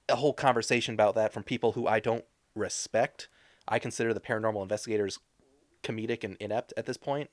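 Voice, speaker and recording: A man's voice: fairly low pitch, fairly even intonation, fast talker, no room sound. Sardonic man ranting about a movie. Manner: sardonic, complaining rant. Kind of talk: casual movie discussion.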